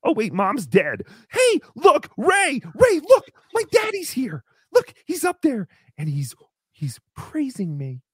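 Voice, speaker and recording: A woman's voice: low-pitched, big pitch swings, a little slow, darkish tone, breathy edge, no echo, clean studio sound, voice pushed down, full character voice. A woman voicing a grown man who gushes like an eager little boy, squealing for his daddy's approval. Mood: giddy.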